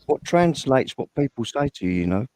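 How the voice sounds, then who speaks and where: A man from England chatting casually on a livestream in a relaxed, agreeable way, fond of recalling old stories. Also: mid-range voice, normal speed, no echo. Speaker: livestream co-host. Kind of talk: casual chat.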